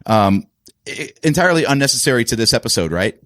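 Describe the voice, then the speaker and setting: A man's voice: mid-range voice, very animated, fast, a bit bright, dry recording, studio quality. A man co-hosting a casual podcast review, chatting in a laid-back, teasing way. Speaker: podcast co-host.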